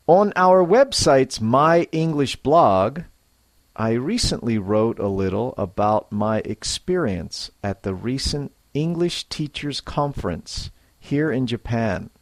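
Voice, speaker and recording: A man teaching English in a scripted lesson, speaking clearly and acting out example sentences to show intonation. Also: mid-range voice, animated, slow pace, dry recording. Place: Japan.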